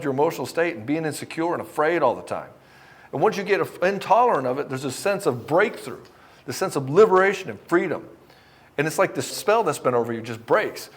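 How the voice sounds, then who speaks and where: Fast-talking profane male coach. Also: fairly high pitch, slightly rough. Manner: blunt, profane, passionate, acts out both sides of dialogues. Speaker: dating and divorce coach. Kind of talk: direct-to-camera motivational talk.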